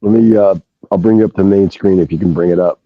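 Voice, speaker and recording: A man's voice: low-pitched, steady tone, fast talker, gravelly, no echo, narrow, tinny audio. A man chatting casually with a co-host, chuckling and bantering playfully. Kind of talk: casual chat.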